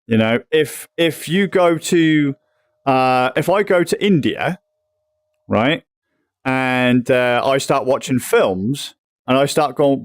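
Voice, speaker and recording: A man's voice: medium pitch, slow pace, no echo. A young man from England ranting in casual chat on a livestream, swearing freely and rambling. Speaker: livestream host.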